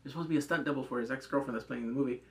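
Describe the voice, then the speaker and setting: A man's voice: medium pitch, rapid-fire. A man hosting his own channel, chatting casually through a drama review with lots of "like" fillers. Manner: animated, chatty, acts out scenes in put-on voices, many "like" fillers.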